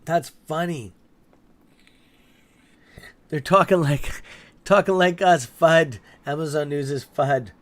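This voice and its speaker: A man's voice: on the high side, takes it slowly, long pauses. A man hosting a live stock-trading stream, chatting casually, reacting to viewer comments and swearing openly when annoyed. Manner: chatty, reacts aloud to the chat. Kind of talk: casual livestream chat reading viewer comments.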